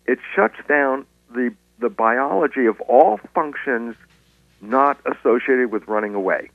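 A man speaking as a guest scientist in an interview, explaining in a lively lecturing way with stories and frequent restarts. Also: medium pitch, measured pace, vocal fry, no echo, faint music behind. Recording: tinny phone-line sound.

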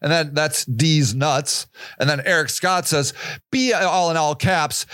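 A man delivers a heated activist monologue for his podcast, firing off shouted rhetorical questions. His voice sits high and sounds bright and tense. The recording is close and dry. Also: measured pace, clear, resonant tone, dry recording. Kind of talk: impassioned monologue.

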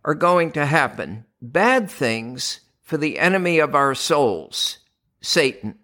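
An older American man delivers a scripted religious podcast talk with slow, deliberate emphasis. His fairly high voice swings widely in pitch as he presses each point home. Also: big pitch swings, sharp tone. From United States. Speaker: podcast host, doctor.

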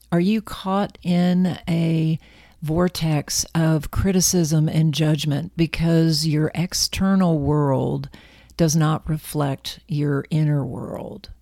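A woman hosting her own talk as a wealth coach, speaking in a calm, measured, reflective way and drawing out her words. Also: low voice, gravelly, dry recording, studio quality. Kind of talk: scripted talk to camera.

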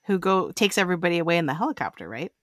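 A woman with a lower voice talks about a film in a relaxed, giggly way, full of fillers. Her voice is close and dry, with no room sound around it. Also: rapid-fire, no room sound. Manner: giggly, hedging with many fillers. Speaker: podcast co-host. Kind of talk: casual film review chat.

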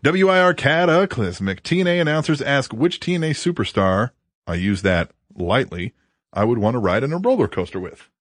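A man co-hosting a podcast, talking crude and loose and laughing often. His pitch swings widely as he reads tweets and retells stories. The sound is dry and close. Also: big pitch swings, moderate pace, no room sound. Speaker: podcast co-host. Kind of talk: casual podcast chat.

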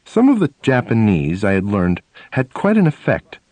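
A man narrating a first-person memoir audiobook, telling stories in an animated way. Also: on the low side, moderate pace, no room sound. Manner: animated storytelling, acting out dialogue.

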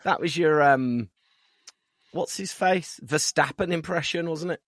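A man's voice: a little high, measured pace, noisy background. A man chatting playfully on a podcast quiz, teasing the host. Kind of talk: casual podcast chat.

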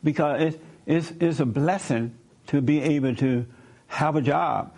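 A man's voice: on the high side, a little slow, darkish tone. Blunt man lecturing and pressing questions. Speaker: interviewer. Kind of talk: probing conversational interview.

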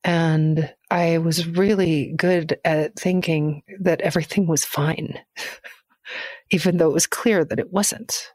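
A woman's voice: sits low, steady tone, takes it slowly, darkish tone, no room sound, clean studio sound. A middle-aged woman speaking candidly and earnestly as a podcast guest, laughing easily as she reflects. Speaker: guest poet.

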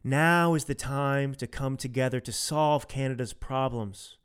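A man impersonating a smug male politician who speaks in a flat, falsely soothing, measured way. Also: medium pitch, smooth, lightly acted. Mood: mock-calm. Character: smug fake-calm male politician, slow and passionless.

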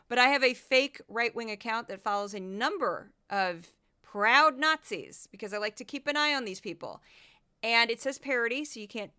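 Woman podcast host, political commentary, sarcastic, bright crisp voice. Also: on the high side. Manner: indignant, sarcastic.

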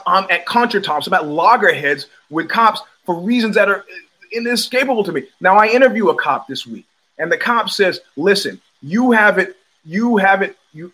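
An older man with a New York accent hosting a livestream, telling stories bluntly and with swagger, often restarting his sentences. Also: high voice. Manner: blunt, animated storytelling with frequent restarts and profanity. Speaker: show host. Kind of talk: casual livestream monologue.

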